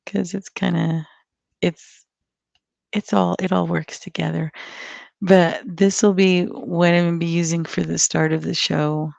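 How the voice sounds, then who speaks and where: A woman's voice: lowish voice, level tone, measured pace, vocal fry, darkish tone, dry recording, dull audio. A woman guest chatting casually on a live stream, giggly and rambling with many ums. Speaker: guest co-host.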